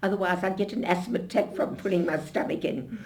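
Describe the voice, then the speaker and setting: An older woman being interviewed, telling her memories in an animated storytelling way with frequent restarts. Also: on the low side, a little fast.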